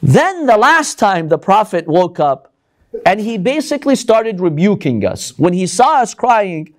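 A man's voice: high-pitched, very animated, measured pace. A man giving a religious lecture to a live audience, arguing with lots of rhetorical questions.

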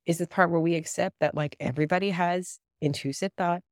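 A woman host with a lowish voice, talking earnestly and openly in a candid interview. The sound is dry and close, with no room around it. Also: steady tone, fairly quick, dry recording. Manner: earnest, confessional, emotional at times. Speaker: podcast host and therapist.

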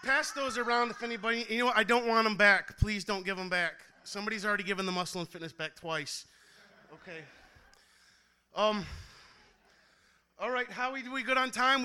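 Brief: young male performance poet at a live venue, high, bright voice, rhythmic and emphatic on stage. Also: a little hiss or hum. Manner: rhythmic, emphatic delivery with loose, joking stage banter. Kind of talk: live spoken-word poetry performance. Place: live venue before an audience.

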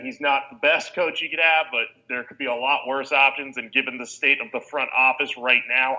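A man with a very bright, sharp-edged voice co-hosts a sports podcast. He lays out his points steadily in long, connected sentences. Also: mid-range voice, poor audio. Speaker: podcast co-host. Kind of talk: casual sports podcast chat.

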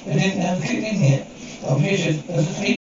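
A man's voice: sits high, normal speed, heavy reverb, lightly acted. A man speaking lines in a television drama scene, heard muffled and distant. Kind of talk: TV drama audio. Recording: muffled, distant TV audio with crowd noise.

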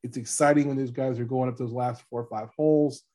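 A man's voice: mid-range voice, steady tone, fast, mellow. A man with a mid-range voice co-hosts a casual sports podcast. He talks eagerly and often restarts his sentences. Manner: enthusiastic, stammering restarts. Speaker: podcast co-host, coach.

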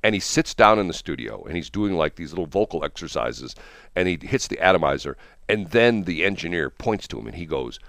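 An older man hosting a radio morning show, with a very low voice on a close, dry studio mic. He chats in a loose, rambling way, drifts into anecdotes and chuckles between thoughts. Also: big pitch swings, a little fast, a bit bright, no echo. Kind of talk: casual on-air chat. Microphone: studio broadcast mic.

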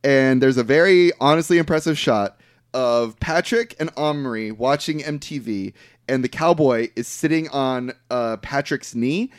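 A man's voice: mid-range voice, measured pace, no room sound, studio quality. A man hosting a podcast who casually retells a movie plot, rambling with fillers and the odd swear word. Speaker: podcast host.

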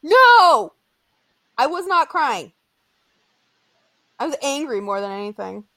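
A young woman in casual conversation, her voice sitting high. She tells stories with lots of animation and throws herself into the quotes, playing every character with exaggerated voices. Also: animated, unhurried, fairly bright tone. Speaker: podcast co-host. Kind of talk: casual chat.

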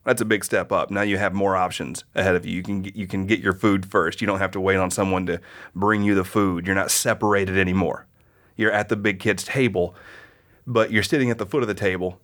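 A middle-aged man from the Midwest talks casually on his podcast, his voice fairly low and pitched a little under the usual. He tells stories with energy and slips into little voices for the people in them. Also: brisk. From American Midwest. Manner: animated storyteller, voices people in anecdotes. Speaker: podcast host. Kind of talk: casual conversation.

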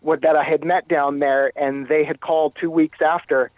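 A man recounting a personal story as an interview guest, halting and often repeating his words. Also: fairly high pitch, flat delivery, no echo, dull audio. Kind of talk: telling a personal story in conversation.

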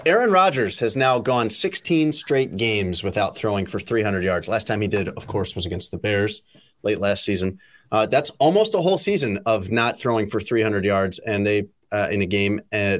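A man hosting a sports talk show, teasing his guest and running through stats in a casual, lively way. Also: lowish voice. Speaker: sports radio host.

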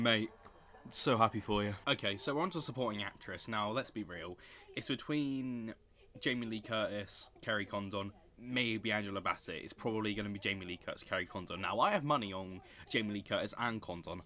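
A young man delivers opinionated live reactions to an awards show, getting excitable and breaking into loud outbursts. His voice is lowish and his pace brisk.

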